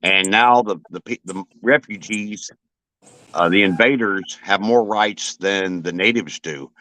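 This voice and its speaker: A man's voice: sits low, a little slow, bright, forceful tone, rough recording. A man giving his opinions on a live stream in a hesitant way, with lots of "uh" fillers. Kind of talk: casual chat.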